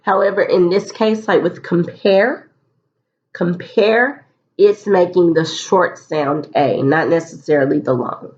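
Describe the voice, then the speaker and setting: A woman's voice: fairly low pitch, a little slow, a little mellow, highs cut off. A woman teacher leading a recorded phonics lesson, explaining step by step and repeating key phrases so students can follow.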